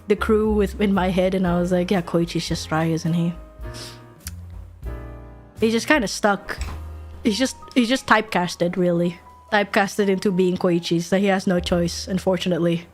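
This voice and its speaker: A woman streamer rambling in a casual, excitable way, cursing freely and giggling as she goes. Her voice sits at a mid pitch for a woman, with faint music playing behind her at her desk setup.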